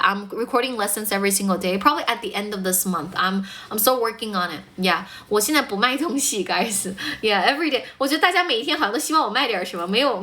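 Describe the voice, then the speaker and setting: A woman's voice: medium pitch, bright, forceful tone. A woman from China with a mostly American accent, a chatty English speaking teacher who greets viewers and laughs easily on a live stream.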